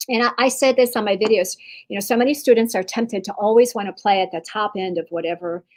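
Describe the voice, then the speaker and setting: A woman's voice: medium pitch, fast talker, low-quality recording. A woman giving an online percussion clinic, chatty and reassuring, with many fillers and restarts. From Texas. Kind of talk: online masterclass talk.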